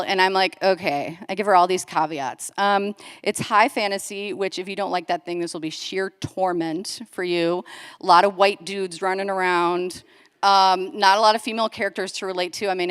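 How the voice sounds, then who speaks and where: A woman giving an inspirational conference talk, telling a story with lively quoted voices and building to an earnest appeal. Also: medium pitch, clear, resonant tone. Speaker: conference speaker. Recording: long hall reverb.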